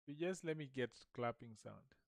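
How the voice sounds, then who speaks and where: A man's voice: mid-range voice, expressive, normal speed, gravelly, no room sound, studio quality. A man teaching vocabulary in a casual lesson, patiently repeating each word many times. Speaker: language teacher. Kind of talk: informal language lesson, repeating words slowly.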